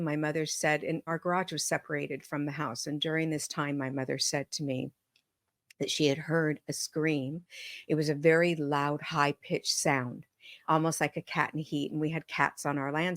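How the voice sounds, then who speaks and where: A woman with a deep, low voice tells a personal story at an unhurried pace. She speaks earnestly and sometimes drops almost to a hush. The sound is close and dry, with no room echo. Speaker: podcast guest, medium and author. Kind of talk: storytelling in an interview.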